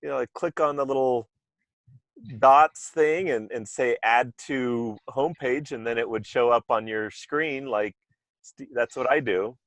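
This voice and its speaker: A man's voice: mid-range voice, a little slow, a bit bright, no echo. A man hosting a podcast in casual chat, talking loosely with asides and restarts over a remote call microphone. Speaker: podcast host.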